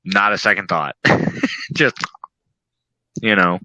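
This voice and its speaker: Bright-voiced man in casual chat. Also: deep voice, slow pace, dry recording, poor audio. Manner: laughs often, acts out his own reactions. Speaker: podcast guest.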